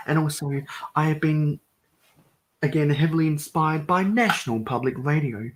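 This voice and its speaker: A man hosting a live stream at home, talking through a build in a soft, mellow monotone. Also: fairly high pitch, normal speed, slight background noise, poor audio.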